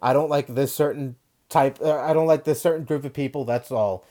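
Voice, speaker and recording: A young man of middling pitch talks casually, answering an article point by point. He rambles and gets defensive, swears now and then, and trips over restarts and fillers as he goes. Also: brisk, warm tone. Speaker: video commentator. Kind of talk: casual commentary reading and responding to an article.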